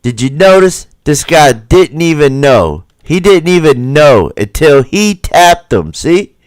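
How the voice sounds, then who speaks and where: In a relaxed livestream, the host talks over video footage with profanity, constant rhetorical questions to the audience, and impersonations of those in the footage. His fairly high voice swings widely in pitch as he takes it slowly, recorded without room sound.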